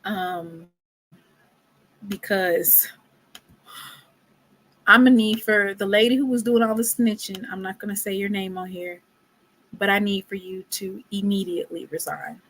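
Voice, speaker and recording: A woman commenting on a scandal in a slow, drawn-out way, exasperated and theatrical, with hushed whispered asides between her lines. Her pitch sits in an ordinary middle range. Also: steady tone. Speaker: commentary vlogger. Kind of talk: casual commentary.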